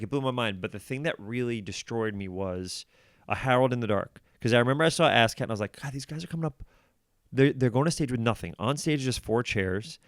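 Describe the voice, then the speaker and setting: A man in his forties, a comedian guest on a podcast, telling animated stories and acting out what people said. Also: lowish voice, clear, resonant tone, no room sound, studio quality. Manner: animated storytelling, acts out quotes. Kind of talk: casual podcast conversation.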